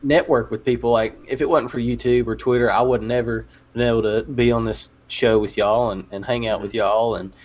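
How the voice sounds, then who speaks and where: A man's voice: medium pitch, steady tone, a little fast, hardly any pauses. A man speaking as a guest in a casual gaming podcast chat, earnest and full of restarts. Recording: dull lo-fi audio.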